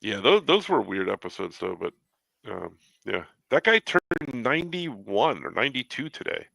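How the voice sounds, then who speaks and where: A man with a very low, gravelly voice that still has a bright, forceful edge, chatting easily on a livestream. He talks in an unhurried, halting way and often trails off mid-thought. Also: big pitch swings, no room sound. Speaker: cartoonist guest on a livestream. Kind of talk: casual chat.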